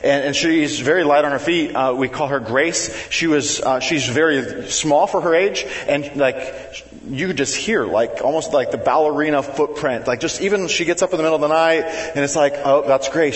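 A man preaching a sermon, telling family stories in a chatty, animated way and acting out his kids with sudden jumps in his voice. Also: moderate pace. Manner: animated, conversational, acts out family members with big pitch jumps. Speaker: pastor. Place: church sanctuary. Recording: long reverb of a large hall.

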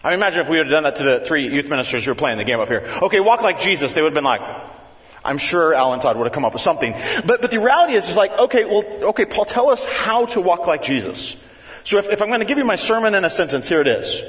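A man preaching to his church, chatty and animated, breaking into playful voices when he acts out his children. His voice sits a touch high for a man. The sound rings with the long reverb of a large sanctuary. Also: quick pace. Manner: animated, conversational, acts out family members with big pitch jumps. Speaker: pastor. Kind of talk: sermon with family stories.

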